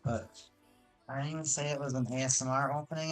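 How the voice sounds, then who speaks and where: Chatty, excitable card-opening streamer, mid pitch, hot desk mic, light music underneath. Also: fast. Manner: excitable and chatty, with frequent restarts and self-corrections. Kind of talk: casual live-stream chat while opening card boxes. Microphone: hot desk microphone with high gain.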